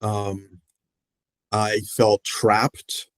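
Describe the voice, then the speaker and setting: A man speaking slowly and hesitantly as a client, naming his feelings with pauses. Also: fairly low pitch, little pitch movement, no echo. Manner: slow, reflective, hesitant with ums. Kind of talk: therapy session talk.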